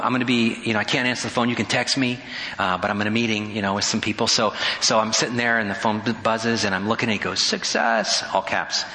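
Bright-voiced pastor preaching in a reverberant hall. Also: male voice, mid-range voice. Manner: conversational storytelling, acts out dialogue. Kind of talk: sermon.

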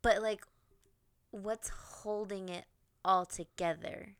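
A woman's voice: medium pitch, steady tone, slow pace, clear, resonant tone, no echo, clean studio sound. A woman co-hosting a podcast, wondering aloud and stringing question after question in casual chat.

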